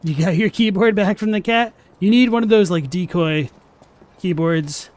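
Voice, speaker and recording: A young man chatting deadpan and rambling while he plays a game live on stream. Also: sits high, moderate pace, slight background noise. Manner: rambling, filler-heavy. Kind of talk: casual live-stream chat while gaming. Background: faint game music.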